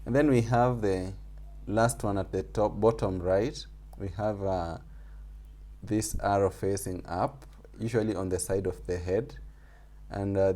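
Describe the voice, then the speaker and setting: A man's voice: low voice, dark tone. A man teaching a music theory class over a video call, explaining patiently and repeating his points with small fillers. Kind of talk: online group class lesson.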